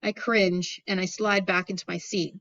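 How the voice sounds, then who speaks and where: A woman's voice: fairly low pitch, level tone, moderate pace, a bit bright, dull audio. Woman reading a wry audiobook. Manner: wry, anxious storytelling of a young boy's thoughts. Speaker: audiobook narrator. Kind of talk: first-person audiobook narration.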